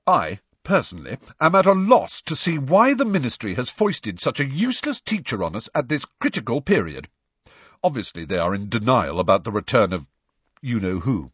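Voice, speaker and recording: A man's voice: mid-range voice, very animated, moderate pace, a bit bright, husky, dry recording, voice pushed up. A man voicing a pompous, self-important teenage schoolboy, in a storybook reading. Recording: dry, slightly dull recording.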